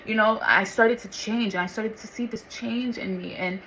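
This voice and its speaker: A woman telling her personal faith testimony in a casual, animated way, calling listeners honey and y'all and acting out what others said. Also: a little high, moderate pace, slight background noise, poor audio. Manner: animated, acts out voices of others and God. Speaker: vlogger sharing faith testimony.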